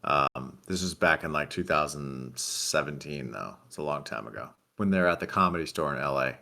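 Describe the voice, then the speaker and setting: Very deep-voiced deadpan man. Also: brisk, vocal fry. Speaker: livestream guest reading chat. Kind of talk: casual livestream chat.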